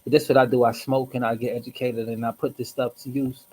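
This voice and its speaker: A man hosting a casual livestream, reflective and rambling, hoarse from smoking and clearing his throat often. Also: medium pitch, level tone, fast, darkish tone, rough recording. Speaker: host.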